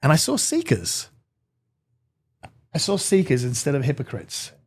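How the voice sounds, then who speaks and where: A man's voice: mid-range voice, a little slow, creaky, husky. A middle-aged man from Britain tells his own story as an interview guest. He speaks earnestly, with a mid-range voice, and brings it alive by acting out the people in it. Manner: earnest, animated, acts out dialogue.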